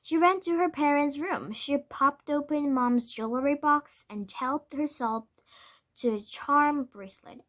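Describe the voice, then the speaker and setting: A woman reading a children's storybook aloud, careful and steady, now and then correcting a word. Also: sits high, a little slow. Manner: careful, with small self-corrections. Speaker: storybook reader. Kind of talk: children's book read-aloud.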